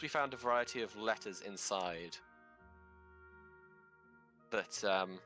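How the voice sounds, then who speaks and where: Earnest man player, lowish voice. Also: sharp tone. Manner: earnest and explanatory. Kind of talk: speaking in character in a tabletop game.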